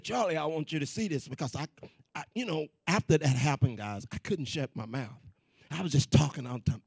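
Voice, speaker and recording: High gravelly preacher telling a testimony. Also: male voice, dry recording. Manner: animated, repetitive, conversational preaching. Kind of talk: sermon testimony storytelling.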